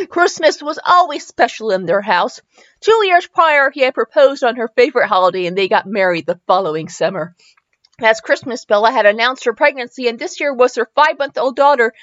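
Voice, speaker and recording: Giggly, high-voiced woman podcast host. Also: fairly bright tone, dry recording, muffled recording. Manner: giggly, rambling, self-mocking asides. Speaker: podcast host reading fanfiction. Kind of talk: comedic commentary and story reading.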